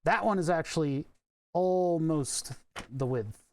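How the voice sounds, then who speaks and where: A man's voice: on the high side, slow. A man streaming from his home workshop, chatting casually and rambling, often chuckling at his own jokes. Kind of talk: casual live-stream chat while working.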